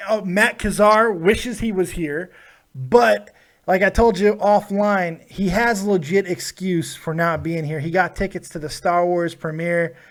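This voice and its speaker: A man hosting a casual live call-in show, excitable and often slipping into a sung, joking delivery. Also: high voice, a little slow. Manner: excitable, sings and laughs between words. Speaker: host. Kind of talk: casual live-stream chat. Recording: music playing in the background.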